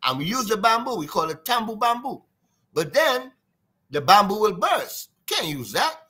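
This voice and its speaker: Trinidadian drummer, male, bright lively delivery, wide pitch swings, sing-song storyteller. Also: normal speed, husky. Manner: lively, sing-song, imitates drum sounds. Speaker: guest drummer. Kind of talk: animated storytelling interview.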